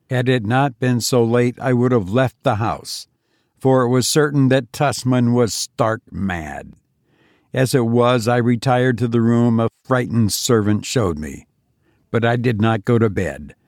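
A man narrating a first-person story in a measured, even way. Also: mid-range voice, no echo, clean studio sound. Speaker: audiobook narrator.

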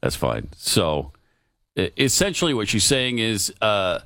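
A man's voice: on the low side, measured pace. A man hosting a talk show, commenting sarcastically. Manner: sarcastic, lively. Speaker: radio host.

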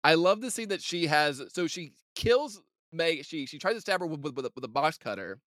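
A woman's voice: low voice, expressive, fairly quick, fairly bright tone. A woman hosting a casual podcast chat, laughing often and talking loosely.

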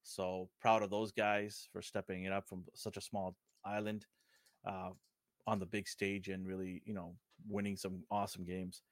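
Animated middle-aged man telling stories. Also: sits low, normal speed, no room sound, clean studio sound. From Fiji. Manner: animated storyteller, acts out dialogue. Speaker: podcast co-host. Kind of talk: casual chat.

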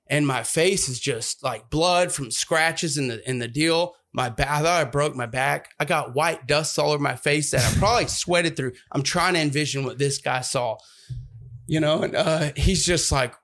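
A young man spins a rowdy story in relaxed conversation. His voice sits a bit high for a man, and he leaps even higher whenever he mimics someone else. He talks loosely, full of fillers. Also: moderate pace. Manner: animated, acts out voices with big pitch jumps. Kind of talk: casual storytelling chat.

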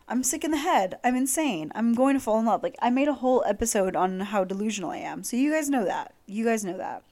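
A young woman hosting a podcast, chatting casually in a gushing, excitable way with lots of fillers. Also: a little high, fast, hardly any pauses. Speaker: podcast host. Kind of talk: casual chat.

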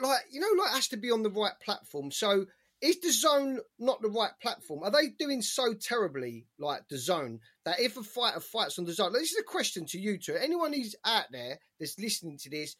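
A man's voice: high voice, a bit bright, breathy edge. A man, a podcast co-host in casual sports chat, ranting heatedly and swearing a lot.

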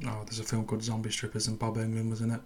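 A man's voice: fairly low pitch, monotone, rapid-fire. A man co-hosting a casual podcast, matter-of-fact and dry. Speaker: podcast co-host. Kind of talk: casual chat.

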